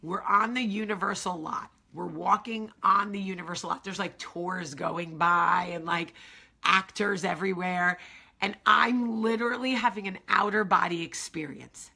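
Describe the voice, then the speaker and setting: A woman vlog host telling a story casually to her viewers, animated and chatty, swearing freely and talking straight to the audience. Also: medium pitch, normal speed, gravelly, husky.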